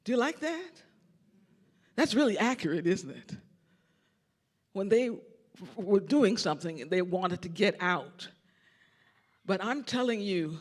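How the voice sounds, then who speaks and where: An older man, a church organist and choir director, giving a storytelling lecture in a large concert hall, animated and breaking into sung snippets. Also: high-pitched. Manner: animated, sings snippets and acts out quotes.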